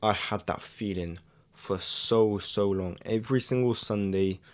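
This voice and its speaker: A man's voice: lowish voice, measured pace. A young man in a casual, reflective vlog monologue, speaking earnestly with frequent "like" fillers and restarts. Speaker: YouTuber.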